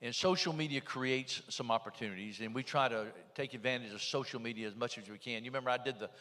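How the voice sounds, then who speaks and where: A man's voice: mid-range voice, fast talker, bright, forceful tone. Plainspoken Southern man, echoey hall. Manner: plainspoken, emphatic. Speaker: panel speaker. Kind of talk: folksy storytelling.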